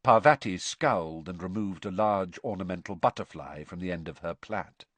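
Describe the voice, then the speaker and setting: A man narrating a storybook audiobook in an expressive, suspense-building way. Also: low voice, normal speed, dry recording. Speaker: audiobook reader.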